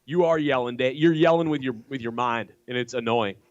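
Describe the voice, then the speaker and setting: A man's voice: mid-range voice, brisk, dry recording. Taunting male caller on a dull line. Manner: taunting, repeats the same insults.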